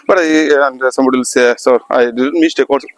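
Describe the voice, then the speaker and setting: A man teaching English, speaking haltingly with many pauses and non-native grammar in a casual motivational talk, standing outdoors at a festival ground. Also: medium pitch, fairly even intonation.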